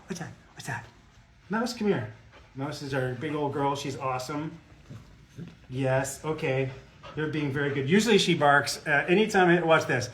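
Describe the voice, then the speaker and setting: A man talks through a live fan Q&A, rambling from point to point and cracking self-deprecating jokes. His voice sits slightly high for a man and carries an easy, conversational tone. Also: measured pace, pauses often, a bit bright, slight background noise. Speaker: guest voice actor at a fan autograph Q&A. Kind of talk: casual live-stream chat.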